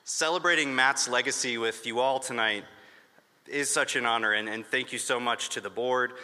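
Man in his 30s from Michigan, heartfelt awards-gala speech, bright tone, big hall reverb. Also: mid-range voice, normal speed. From northern Michigan. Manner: earnest and emotional, with light humor. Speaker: award honoree giving a speech. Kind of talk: prepared acceptance speech. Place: large hotel ballroom.

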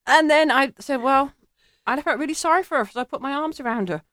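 English woman, middle-aged, storytelling, animated and laughing, fairly high voice. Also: fast talker, dry recording, studio quality. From England. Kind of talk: personal storytelling.

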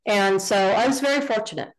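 A woman's voice: medium pitch, a little fast, rough recording. A middle-aged woman, a guest on an interview show, telling family stories casually and acting out the dialogue. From Northern California. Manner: animated storyteller, acts out quoted dialogue. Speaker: guest, contractor.

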